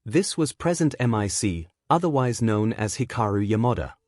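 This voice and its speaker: Male narrator for a fan-fiction reading; animated intonation, dry booth sound. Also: fairly low pitch, moderate pace, no room sound. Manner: reads every part in one voice.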